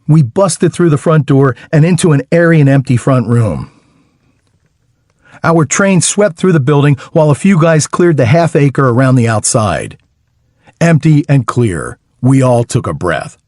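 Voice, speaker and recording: A man narrating a first-person audiobook in a wry, lively storytelling manner with dry humor. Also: a little high, dry recording.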